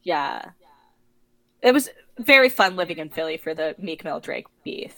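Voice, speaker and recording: A young woman co-hosting a podcast, chatting casually and gossiping with quick asides. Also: deep voice, animated, a bit bright. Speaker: podcast co-host. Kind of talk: casual chat.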